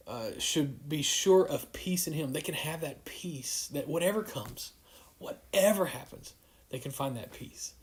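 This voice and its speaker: Halting casual youth pastor, a man. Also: a little high, darkish tone. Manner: casual, halting, many fillers and restarts. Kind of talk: livestreamed devotional talk.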